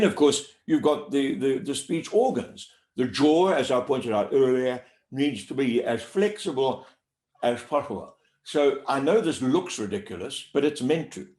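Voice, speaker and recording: A man explaining voice warm-up exercises as a coach in an interview, animated and demonstrative. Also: medium pitch. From South Africa. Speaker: voice-over coach. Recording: echoey room.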